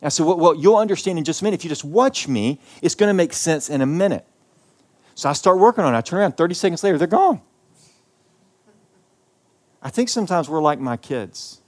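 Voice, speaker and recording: Southern male pastor, impassioned sermon, loud peaks dropping to quiet lines. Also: on the high side, lively intonation, brisk, long pauses. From American South. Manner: impassioned preaching with big swings in loudness.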